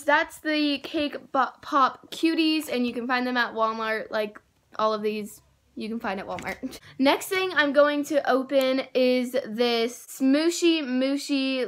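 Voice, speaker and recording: A teenage girl casually unboxing squishy toys, gushing and excitable, rambling with many fillers. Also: a little high. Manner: gushing and excitable, with gasps and squeals; rambling, with many likes and self-corrections. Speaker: squishy toy haul vlogger.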